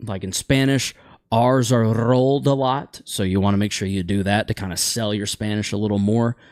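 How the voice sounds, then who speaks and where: A man's voice: on the low side, fairly even intonation, normal speed, darkish tone, dry recording, clean studio sound. A man hosting a casual gaming chat show, rambling and opinionated, stumbling over words now and then.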